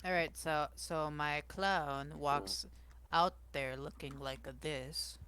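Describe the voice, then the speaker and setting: A man's voice: fairly high pitch, fairly even intonation, slow, bright, forceful tone, slight background noise. A man playing in a tabletop game who is self-conscious and laughs at himself while setting up his character's scene. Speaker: player. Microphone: home mic on an online call.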